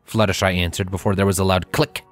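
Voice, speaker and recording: A man's voice: sits low, fairly even intonation, fast talker, soft background music. A man reading a story aloud as narrator, telling it expressively. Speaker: fanfiction reader. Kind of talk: scripted narration.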